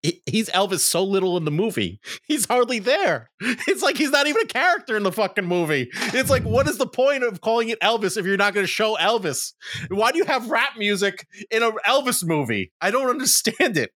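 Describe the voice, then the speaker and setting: A man's voice: sits high, sing-song, brisk, a bit bright, no echo, clean studio sound. A man co-hosting a podcast in casual chat, ranting bluntly and swearing. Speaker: podcast co-host.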